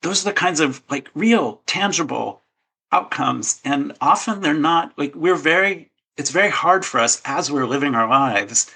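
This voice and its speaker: A man's voice: a little high, bright, forceful tone, slightly rough, rough recording. A man speaking as an author guest in an interview, earnest and a little hesitant, with many fillers and restarts. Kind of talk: casual interview talk.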